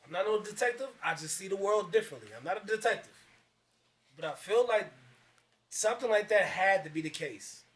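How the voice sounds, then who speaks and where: A man's voice: high-pitched, expressive, a little fast, fairly bright tone, reverberant, recorded from a distance. A man co-hosting a casual podcast, talking in slangy, profane street speech. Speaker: podcast co-host. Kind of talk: casual group podcast chat.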